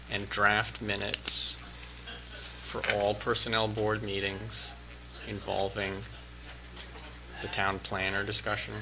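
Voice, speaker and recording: Slow gravelly man with a flat voice. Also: lowish voice. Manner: slow, deliberate and measured. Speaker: council member. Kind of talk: meeting request. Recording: noisy meeting room recording.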